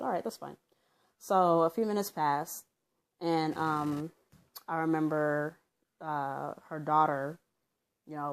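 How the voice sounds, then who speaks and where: A woman at home recounting her own story in a casual vlog, rambling with lots of fillers and acting out what people said. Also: deep voice. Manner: rambling, with many fillers like um and you know; loosely reenacts what people said as she tells it.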